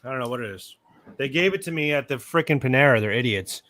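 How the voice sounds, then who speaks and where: A New York man co-hosts a music podcast, speaking quickly and expressively in a medium-pitched, fairly bright voice. In casual chat he tells wry, rambling stories, with some mild cursing.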